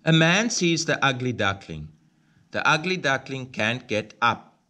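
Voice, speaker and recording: Slow, expressive man reading a storybook. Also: medium pitch. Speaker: storybook reader. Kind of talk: reading a children's picture book aloud.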